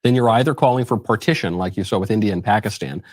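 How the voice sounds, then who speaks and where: A man in a played clip arguing a political point in a measured, lecturing way, building his case step by step. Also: lowish voice, a little mellow, dry recording, studio quality. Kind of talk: argumentative political commentary.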